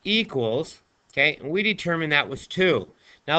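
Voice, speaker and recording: A man's voice: a little high, very animated, normal speed, sharp tone, clean tone. A male math teacher talking through a screen-recorded lesson in a chatty, playful way, chatting to himself as he writes.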